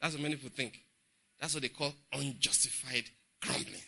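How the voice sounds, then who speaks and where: A middle-aged man with a Nigerian English accent preaching a humorous, animated Bible study sermon in church. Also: mid-range voice, fairly quick, gravelly. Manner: humorous, laughing, animated storytelling. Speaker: pastor.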